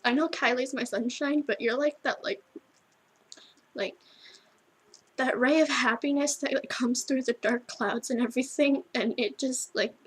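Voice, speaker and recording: A teenage girl recording a tearful video message to her best friend, halting and full of restarts as she cries. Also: high-pitched, fairly even intonation, husky, low-quality recording. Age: teens. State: crying. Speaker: vlogger.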